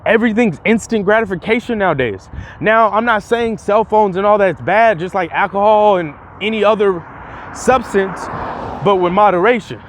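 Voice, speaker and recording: High-voiced young man vlogging casually. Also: normal speed, slight background noise. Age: young adult. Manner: rambling and profane, with frequent restarts. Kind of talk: casual vlog commentary.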